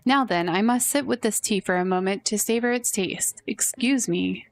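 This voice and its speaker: A woman voicing a pompous, theatrical game character who hands out grand advice in a drawn-out, condescending way. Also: mid-range voice, lightly acted. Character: pompous theatrical tea-drinking advice giver.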